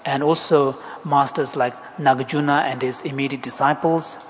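A man's voice: medium pitch, fairly even intonation, normal speed. A man interpreting a Buddhist teaching, hesitant, with many ums and uhs. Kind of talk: interpreting a dharma talk. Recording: long hall reverb, faint noise.

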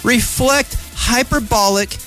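A man in casual political chat reads a news article aloud and keeps breaking in with his own remarks. His voice sits high and animated, with faint music running underneath. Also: takes it slowly. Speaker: podcast co-host.

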